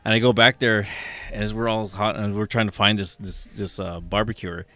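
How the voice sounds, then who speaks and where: Low-voiced man telling rowdy stories. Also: level tone, normal speed, sharp tone, soft background music. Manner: rambling, profane storytelling with laughs. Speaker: podcast co-host. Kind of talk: casual chat, reading odd news.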